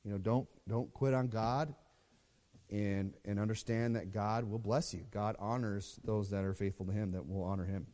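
A man's voice: fairly low pitch, steady tone, normal speed, dark tone, big-room sound. A man teaching a Bible study in a loose, conversational way, repeating words and reading scripture aloud.

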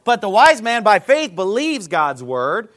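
A male pastor preaches with a high, lively voice that swoops up and down. He tells an animated story, acts out the caller's side of a phone call, and laughs at his own jokes. He asks his listeners rhetorical questions as he goes. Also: a little slow. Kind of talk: sermon.

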